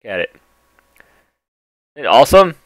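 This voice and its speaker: A young man with a Southern country accent, gushing over a controller unboxing, flipping between hushed awe and loud excitement. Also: medium pitch, moderate pace, no room sound, poor audio. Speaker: YouTuber.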